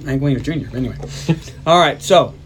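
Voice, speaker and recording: A man's voice: medium pitch, fairly quick, slight background noise. A man co-hosting a movie podcast, casually retelling the plot in a rambling way, swearing and acting out lines from the scenes. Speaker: podcast co-host.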